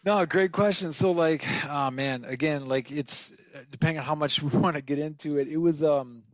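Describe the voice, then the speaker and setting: A young man from Minnesota, a podcast guest, telling stories in a laid-back, slangy, animated way. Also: a little high, normal speed, no room sound, muffled recording. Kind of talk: casual storytelling interview.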